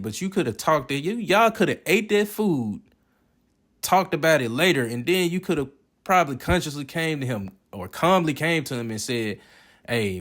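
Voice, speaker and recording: A man giving casual, joking and profane commentary while reviewing movies. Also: on the high side. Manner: profane, joking, animated reactions.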